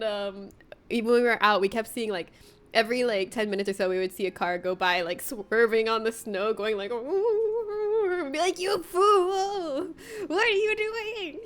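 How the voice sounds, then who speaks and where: Bubbly young woman chatting on stream. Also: on the high side. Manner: bubbly, chatty, laughs often, greets chat by name. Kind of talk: casual livestream chat with viewers.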